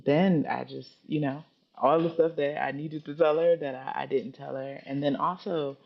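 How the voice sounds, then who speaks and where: A woman in her thirties with a Philadelphia accent tells a personal story on a podcast. Her voice has a gravelly edge, and she acts out other people's lines as she goes. The sound is muffled and lo-fi. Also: low-pitched, normal speed. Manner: animated, dramatic quoting of others. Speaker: podcast guest. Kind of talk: casual storytelling chat.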